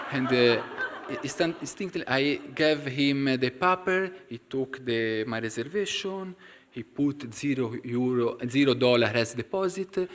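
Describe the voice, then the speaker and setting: Man with an Italian accent, halting English. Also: mid-range voice, sharp tone. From Italy. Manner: halting, searching for English words with many fillers. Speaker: community member sharing a story. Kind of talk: informal talk to a class. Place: temple hall.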